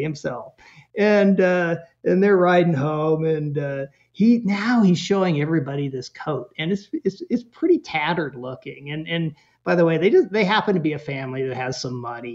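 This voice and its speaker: Man, parenting expert guest, lively storyteller, lo-fi sound. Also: on the high side. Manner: animated storyteller with chuckles and voiced quotes. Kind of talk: storytelling in a podcast interview.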